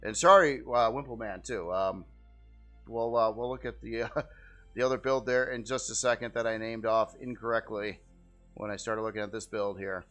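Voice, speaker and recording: A man's voice: lowish voice, fairly even intonation, normal speed, faint music behind. A man giving casual, rambling gameplay commentary as host, easygoing and often repeating how cool things look. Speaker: game video host.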